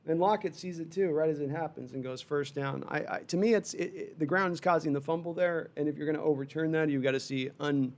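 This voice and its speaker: On a fan livestream, a male host reacts live to sports in a rambling, animated way, reading chat and tossing in frustrated asides. His voice is on the high side, and he talks fast with hardly any pauses.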